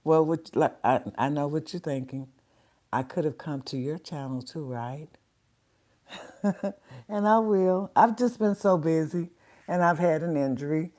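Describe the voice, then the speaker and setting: With a deep, dark voice and a measured pace, a woman hosts a casual livestream and chats with viewers, greeting them by name. Her sinuses are congested, making her sound a little stuffy.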